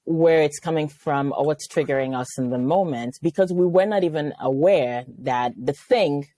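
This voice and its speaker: A middle-aged woman from Nigeria, a psychiatrist speaking as a guest in an interview, telling personal stories in a lively way and acting out the voices she quotes. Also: sits low, moderate pace, no echo. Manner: animated, storytelling, acts out quoted voices. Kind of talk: conversational interview.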